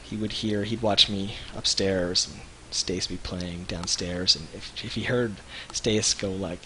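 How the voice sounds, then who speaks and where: A man in his thirties, co-hosting a livestream, telling rambling animated stories with lots of restarts. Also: sits low, measured pace, slight background noise, rough recording. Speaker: web show co-host. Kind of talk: casual livestream chat.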